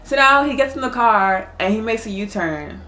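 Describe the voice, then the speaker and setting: A woman's voice: a little high, animated, normal speed, pushed and bright, soft background music. A young woman telling a story in casual, profane chat, laughing as she goes. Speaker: vlogger.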